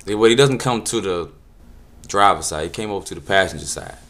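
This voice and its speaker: Brief: man, comic storyteller, exasperated and slangy, lively swooping pitch. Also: fairly quick. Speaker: comedic storyteller. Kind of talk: casual comedic rant.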